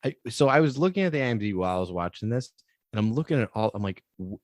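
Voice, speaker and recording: A man's voice: lowish voice, rapid-fire, no echo. Rambling, laughing man reviewing a movie. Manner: rambling, laughs often, quotes movie lines in animated voices. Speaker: podcast co-host. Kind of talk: casual movie review chat.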